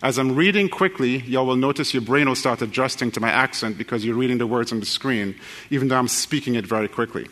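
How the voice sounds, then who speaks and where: A man preaching a sermon, joking with the congregation and then reading scripture quickly. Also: medium pitch, a bit bright, long reverb tail. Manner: folksy, joking, addresses the crowd directly.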